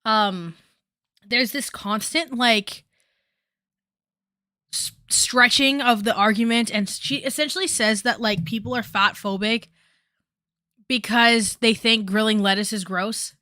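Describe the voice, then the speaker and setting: A woman's voice: a little high, takes it slowly, long pauses, pushed and bright, no echo, clean studio sound. A young woman chatting casually on a commentary stream, rambling with many fillers and asides.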